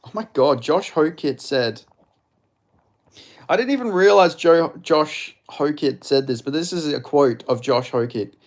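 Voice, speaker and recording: Unhurried and expressive, this young man speaks with a voice on the high side. He hosts a fight watch-along stream in casual chat, and he swears often, jokes with chat and laughs a lot.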